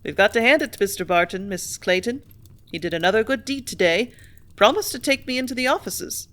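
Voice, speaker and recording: A woman voicing a cheerful, earnest young clerk in an audiobook reading, a touch louder and higher than her narration. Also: expressive, brisk, lightly acted. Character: cheerful young man, left-handed clerk.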